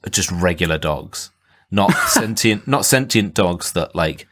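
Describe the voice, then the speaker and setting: A man's voice: deep voice, animated, measured pace, fairly bright tone. A man co-hosting a podcast, chatting casually about a film with many fillers and restarts. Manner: rambling, many fillers and restarts, laughs often. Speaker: podcast co-host. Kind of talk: casual film review chat.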